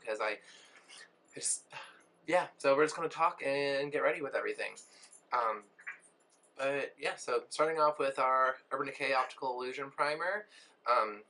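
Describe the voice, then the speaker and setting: Brief: hoarse male beauty vlogger, chatty and rambling, bright edge to the voice. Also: medium pitch, low-quality recording. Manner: chatty, many fillers, rambling asides. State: hoarse, recovering from laryngitis. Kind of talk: casual get-ready-with-me chat.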